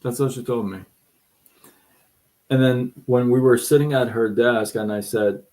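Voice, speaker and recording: A middle-aged livestream host with a medium-pitched, darkish voice tells a personal story in a steady, unhurried way, pausing often. He rambles and repeats himself, quoting other people in their own voices during this casual storytelling chat.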